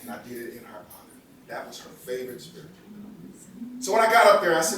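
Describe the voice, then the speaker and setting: A man telling an emotional personal story to a live audience at a home, excited and stammering at times. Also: fairly high pitch, a little fast, pauses often, slight background noise. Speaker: storyteller and speaker. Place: home, indoors. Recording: echoey room, distant mic, audience. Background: audience laughing.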